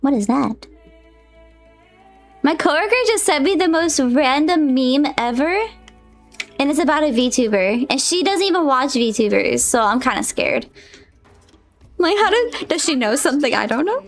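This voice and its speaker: Her voice sits high and expressive, a little slow, with long pauses over soft background music. A VTuber streamer in casual live-stream chat, she giggles, gets flustered, squeals often, and talks to herself as she works on her setup.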